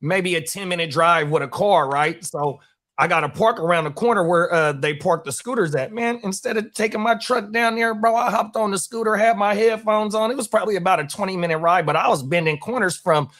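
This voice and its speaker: A man with a notably high voice co-hosting a rowdy, casual talk. He is boisterous and profane, and he punctuates his stories with loud exclamations. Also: brisk. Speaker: co-host. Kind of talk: casual chat.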